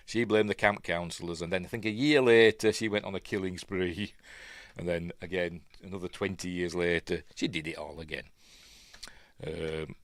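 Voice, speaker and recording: Yorkshire male host, low voice, chatty and self-mocking, casual livestream commentary. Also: fairly bright tone, no room sound. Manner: rambling, self-deprecating and chatty. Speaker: film review host.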